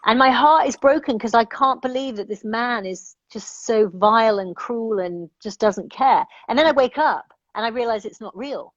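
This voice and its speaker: A woman's voice: a little high, moderate pace, hardly any pauses, dry recording. Earnest woman coach on a dull, dry call. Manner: earnest, reflective, thinks aloud with many "you know"s. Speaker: life coach and podcast guest. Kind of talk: reflective interview conversation.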